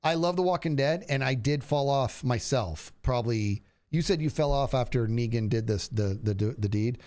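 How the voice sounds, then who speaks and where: A man in his forties telling stories in a relaxed casual chat, using "dude" and "bro" a lot. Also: mid-range voice, moderate pace. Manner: animated storyteller, says "dude" a lot. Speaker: streamer.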